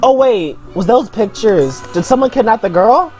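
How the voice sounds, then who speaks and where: A woman's voice: on the high side, expressive, normal speed, darkish tone. A young woman hosting a music video reaction vlog, talking casually and ranting in slang. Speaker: reaction channel host.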